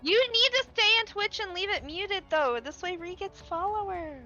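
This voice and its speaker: A woman chatting on a game stream, joking loudly and swearing playfully at her friends. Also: extremely high pitch, lively intonation, moderate pace, highs cut off, soft background music. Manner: loud, swearing, playfully rude. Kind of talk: casual chat.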